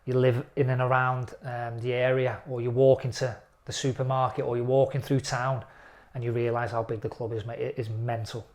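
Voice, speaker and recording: A man's voice: medium pitch, brisk. Chatty man telling stories. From England. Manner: chatty, animated storytelling with lively quoted voices. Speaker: former footballer, guest. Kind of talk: casual interview storytelling.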